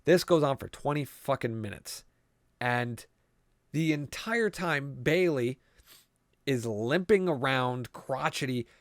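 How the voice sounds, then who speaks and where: A man chatting loosely as a podcast co-host, retelling a film's plot with constant swearing and many restarts. His voice sits at an ordinary middle pitch. It is recorded close and dry, with no room sound. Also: expressive, slow pace, no room sound. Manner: profane, rambling storyteller. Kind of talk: casual movie recap chat.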